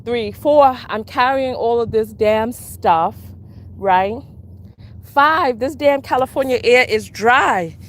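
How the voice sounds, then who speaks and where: A woman's voice: a little high, slow. A woman chatting on a live stream while out on a walk, out of breath and sassy, laughing as she talks back to her commenters. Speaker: vlogger and podcast host. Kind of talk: casual live-stream chat while walking. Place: outdoors on a walk. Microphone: handheld camera while walking.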